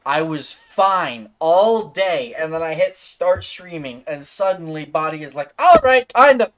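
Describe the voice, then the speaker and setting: A man's voice: a little high, unhurried, a bit bright. A man streaming a video game, chatting casually in a playful, rambling, self-mocking way while sleepy and yawning. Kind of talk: casual gameplay chat.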